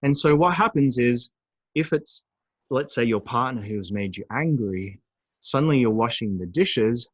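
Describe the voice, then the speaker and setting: A man presenting a recorded webinar on emotions, animated and acting out angry outbursts. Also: medium pitch, moderate pace, breathy edge, no room sound, low-quality recording. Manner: animated, acts out angry voices.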